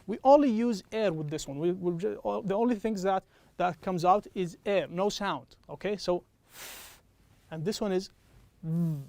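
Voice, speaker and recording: A man teaching an English pronunciation lesson, patiently checking in with "okay?" and slowing down to model each example phrase. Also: high voice, vocal fry, darkish tone, no echo. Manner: patient, repeats "okay?" after each point.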